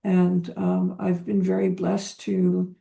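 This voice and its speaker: A woman guest, a psychotherapist, talking in a reflective, hesitant way with frequent pauses and ums during a spiritual interview. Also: lowish voice, completely flat delivery, gravelly, warm tone.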